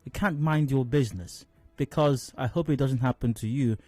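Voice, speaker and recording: A man with a Nigerian accent giving radio commentary as a talk show host, measured and full of fillers and restarts. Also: mid-range voice, darkish tone, no echo, soft background music. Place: radio studio.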